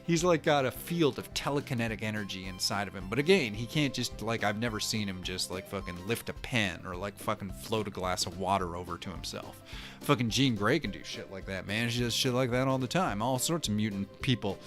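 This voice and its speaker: Male host, thirties, low-pitched, profane and rambling, casual monologue over faint music. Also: a little fast, a bit bright. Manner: rambling, heavy swearing, self-interrupting. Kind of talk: casual comic-book monologue.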